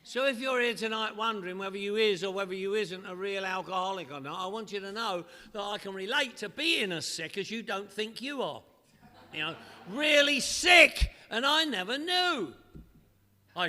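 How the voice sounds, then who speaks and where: A man's voice: high voice, expressive, brisk, few pauses, bright, forceful tone. A middle-aged man with a London accent giving a humorous recovery talk to a meeting, telling his story with comic repetition. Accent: London English. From northwest London. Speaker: AA speaker. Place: meeting hall. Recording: echoey hall reverb.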